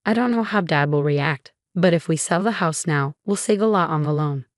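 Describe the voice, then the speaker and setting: Firm, protective young husband, voiced by a woman reader; earnest, low-pitched, dry. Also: moderate pace, no echo, close to an everyday voice. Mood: caring.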